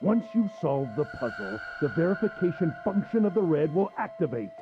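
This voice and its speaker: A pompous, sneering gentleman villain in a game, his raised voice leaping theatrically up and down as he taunts. He laughs cruelly between lines. Game music runs behind him. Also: a little high, big pitch swings, moderate pace, dull audio. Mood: mocking.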